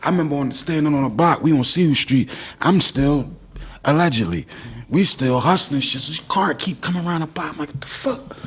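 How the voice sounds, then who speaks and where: Husky guy from philly spinning stories, bit high pitched, acts out the quotes. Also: a little fast. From Philadelphia. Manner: animated storytelling, acting out quotes. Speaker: guest rapper. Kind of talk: casual storytelling chat.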